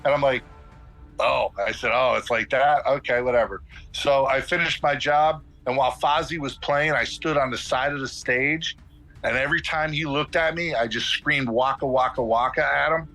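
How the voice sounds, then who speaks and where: A man's voice: medium pitch, moderate pace, soft background music, rough recording. A middle-aged man telling a long story as a podcast guest in a casual way, acting out the dialogue of the people in it. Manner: animated, acts out dialogue in quotes.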